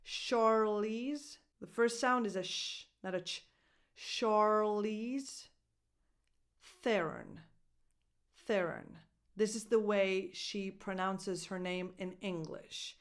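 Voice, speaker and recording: A woman coaching English pronunciation, repeating each word slowly and carefully and spelling out its sounds. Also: mid-range voice, fairly even intonation, clear, resonant tone. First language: Italian. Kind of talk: pronunciation lesson.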